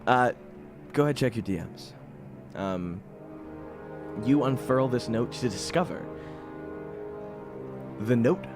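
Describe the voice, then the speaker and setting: A man runs a tabletop game for friends, narrating the scene in a loose, rambling way. His pitch bounces around a lot, and laughs break in often. Faint music sits under the talk. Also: expressive, slow pace, long pauses. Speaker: game master.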